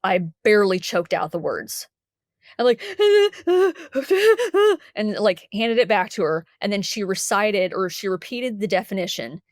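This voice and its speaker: A woman from Texas, a podcast guest, telling a personal story candidly and lively, acting out what people said. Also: medium pitch, moderate pace, dry recording, studio quality. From Dallas, Texas. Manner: candid, animated, acts out the quotes.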